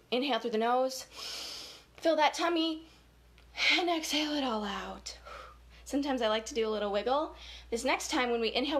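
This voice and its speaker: A woman's voice: fairly high pitch, fairly bright tone. A woman leading a virtual children's story time on a webcam, upbeat and giggly as she talks to the kids.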